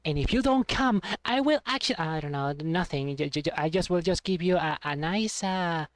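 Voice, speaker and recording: Rambling, halting woman streamer. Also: on the low side, no echo, studio quality. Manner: rambling and halting, many restarts. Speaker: livestreamer. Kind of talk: casual stream chat.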